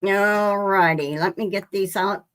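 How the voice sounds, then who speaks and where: Slow-talking woman hosting a quilting stream. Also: mid-range voice, steady tone, a bit bright. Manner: rambling, self-interrupting, greets viewers by name. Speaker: quilting livestream host. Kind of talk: casual live sewing demonstration. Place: home sewing room.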